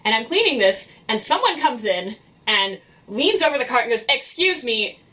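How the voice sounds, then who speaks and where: A woman's voice: on the high side, very animated, normal speed, bright, forceful tone, far from the mic. Blunt, exasperated young woman venting. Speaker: vlogger who works in retail cleaning. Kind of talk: venting storytime vlog.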